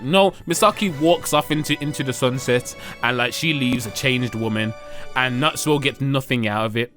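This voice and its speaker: A man recapping a manga on a casual comedy podcast, slangy and animated, with lots of "like" and "fam". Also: moderate pace, faint music behind. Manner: animated, slangy, jumps into high squeaky voices for characters.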